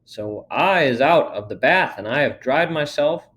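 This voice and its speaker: A man's voice: medium pitch, expressive, unhurried, a bit bright. Man reading a children's story aloud. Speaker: reader.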